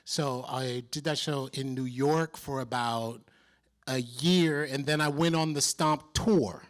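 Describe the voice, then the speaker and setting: A man telling a story as a guest on a convention panel, lively and acting out other people's voices as he goes. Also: mid-range voice, slow. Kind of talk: animated storytelling.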